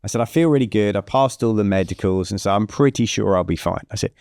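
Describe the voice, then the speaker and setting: A man in middle age speaks in a low, steady voice, recorded close and dry with no room around him. He tells stories as a guest coach, voicing the other people in them and circling back to restart his thoughts. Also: quick pace, vocal fry, clean tone, no room sound. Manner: animated storyteller who acts out quoted dialogue, frequent restarts. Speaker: business coach, podcast guest. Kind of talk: conversational storytelling interview.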